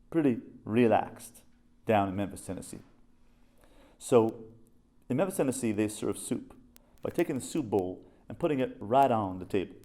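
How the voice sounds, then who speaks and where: A man in his fifties from Canada, a rabbi teaching a class, telling stories with animation and slowing down to stress key phrases. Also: lowish voice, warm tone.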